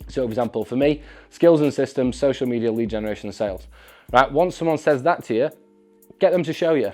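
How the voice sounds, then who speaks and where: Guy coaching fitness pros to camera, blunt and sweary, keeps saying right?, mid pitch, bit of music behind. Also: brisk, dark tone. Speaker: fitness business mentor. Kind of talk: direct-to-camera advice talk.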